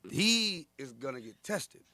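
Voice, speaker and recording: A man in his thirties, a guest comedian telling animated, profane stories in a casual interview and acting out the people in them. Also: on the high side, measured pace. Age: 30s. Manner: animated, profane storytelling with acted-out quotes.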